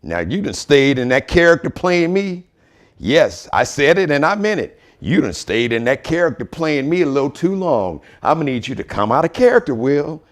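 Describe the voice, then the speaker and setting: A man's voice: a little high, sing-song, moderate pace. A man putting on an impression of an indignant older father who scolds a younger man in an exasperated, lecturing way.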